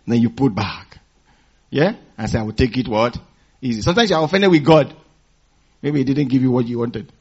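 A man's voice: medium pitch, animated, brisk, pauses often, a little mellow, husky. A man preaching a sermon, calling and responding with the congregation and telling stories with chuckles. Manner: call-and-response preaching, asking the congregation to finish phrases; storytelling with chuckles. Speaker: pastor. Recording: dull lo-fi recording.

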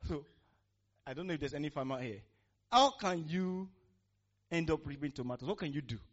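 A man's voice: on the high side, expressive, moderate pace. A man preaching a sermon, using call-and-response with the congregation. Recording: muffled lo-fi recording.

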